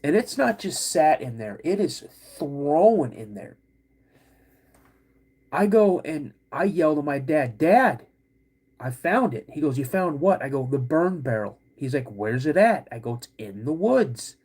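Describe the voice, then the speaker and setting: Husky-voiced man telling a story. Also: on the high side, big pitch swings, measured pace, dark tone. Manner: acts out quoted voices of his dad and himself; addresses listeners as guys. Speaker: podcast host. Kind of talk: animated storytelling.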